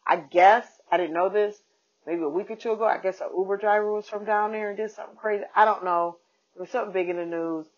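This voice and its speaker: A woman comedian and podcast host telling a casual, animated story and acting out the people in it. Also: medium pitch, quick pace. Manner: animated, acts out quoted people. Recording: dull lo-fi podcast audio.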